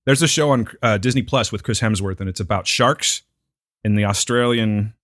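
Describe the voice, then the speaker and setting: A man's voice: fairly low pitch, moderate pace, a bit bright, no room sound, clean studio sound. A man co-hosting a podcast in casual chat, joking and self-deprecating. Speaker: podcast co-host.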